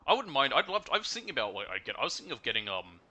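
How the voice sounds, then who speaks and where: A man's voice: mid-range voice, sing-song, rapid-fire, bright, forceful tone. A young man giving rambling, chatty commentary while streaming a game, with lots of fillers and restarts. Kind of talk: casual gameplay commentary.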